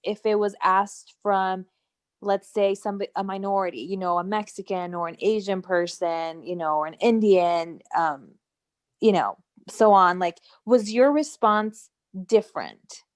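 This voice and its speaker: A woman taking part in a workshop, asking a question hesitantly with many pauses. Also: medium pitch, no echo, studio quality. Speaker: workshop participant.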